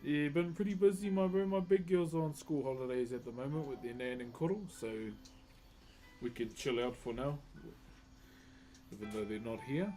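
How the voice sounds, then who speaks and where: With faint music behind him, the livestreaming wood carver from New Zealand talks at a normal speed in a medium-pitched, dark-toned voice. He chats casually and laid-back while working, reading viewers' comments aloud, laughing frequently and calling people "bro" all the time.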